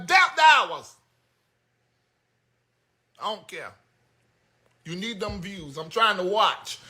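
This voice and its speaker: An American man hosting a comedic commentary show, ranting bluntly with loud outbursts. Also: high-pitched. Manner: animated, blunt, yelling outbursts. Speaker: host.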